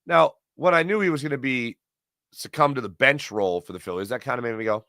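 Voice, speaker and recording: A man's voice: medium pitch, lively intonation, fairly quick, gravelly, bright, forceful tone, no room sound, studio quality. A middle-aged man hosting a casual sports talk livestream, energetically reading chat messages aloud and reacting to them. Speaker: sports talk show host.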